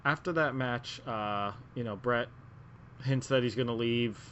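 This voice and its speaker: A man co-hosting a relaxed wrestling podcast speaks a little slowly in a mid-range, slightly bright voice. He meanders through his picks, full of fillers and restarts, over muffled lo-fi audio with slight background noise.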